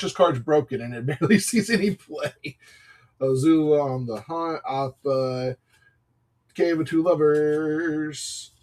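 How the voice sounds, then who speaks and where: Chatty man selling cards on a livestream. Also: medium pitch. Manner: chatty, apologetic, upbeat pack-opening patter. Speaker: livestream card seller. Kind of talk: casual live-selling chat.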